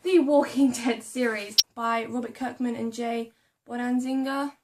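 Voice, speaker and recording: A young woman speaks a little slowly in a slightly high, darkish voice with a steady tone. The book vlogger chats casually about books she's bought, reading blurbs aloud and faltering on names and hard words.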